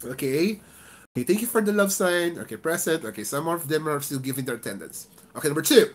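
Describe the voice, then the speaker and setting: A man's voice: fairly high pitch, lively intonation, quick pace. A man with a Filipino accent coaching call center greetings in a live-streamed lesson, emphatic about stress and intonation, with a stuffy nose from feeling unwell.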